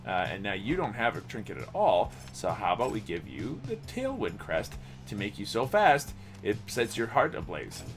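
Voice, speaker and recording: A man's voice: lowish voice, huge pitch swings, moderate pace. A man hosting a game playthrough, chatting playfully and joking along. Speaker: gaming channel host. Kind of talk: let's play commentary. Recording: faint game music behind. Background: game music.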